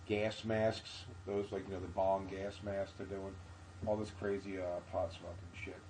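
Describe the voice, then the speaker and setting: A man's voice: low voice, level tone, moderate pace, a little mellow, a little hiss or hum, poor audio. A man comedian telling loose, profane stories in a casual podcast chat. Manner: loose, rambling, profane storytelling. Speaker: guest comedian.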